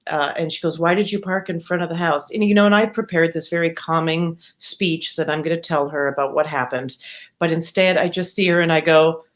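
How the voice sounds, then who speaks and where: A woman telling a personal story for a live storytelling show, conversational and animated, jumping up in pitch when she acts out quotes. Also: a little fast. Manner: conversational with fillers and self-interruptions.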